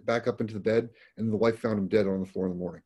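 A middle-aged paramedic guest tells stories conversationally and plainly, often restarting or repeating words. His voice sits a bit low and is husky, with a dark, mellow tone, and he talks in a rapid-fire way while keeping a steady tone.

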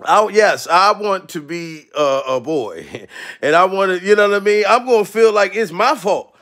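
A man hosting a live stream, ranting profanely in a loose, rambling way, laughing often and shouting out viewers in the chat, his voice going hoarse. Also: high voice, animated, moderate pace. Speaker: livestream comedian host.

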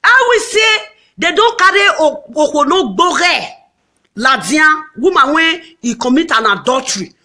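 A Nigerian woman ranting and scolding in a loud, dramatic live video monologue. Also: sits high, animated, measured pace.

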